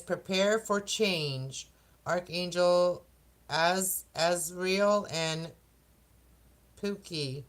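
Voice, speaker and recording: Slow, rambling woman reading oracle cards. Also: on the low side. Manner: rambling, chatty, laughs often, stumbles over words. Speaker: tarot and oracle card reader. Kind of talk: casual card reading for zodiac signs.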